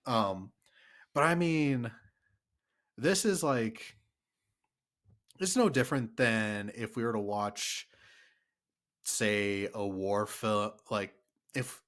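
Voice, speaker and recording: A man's voice: on the low side, a bit bright. A man co-hosting a podcast, chatting casually about a movie, rambling with fillers and restarts. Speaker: podcast co-host.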